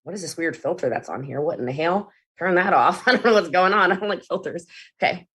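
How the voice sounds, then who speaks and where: A woman giving an energetic network marketing training talk, animated and quick to jump between demonstrations and asides. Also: low voice, slightly rough. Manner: fast, animated, jumps between demos and asides.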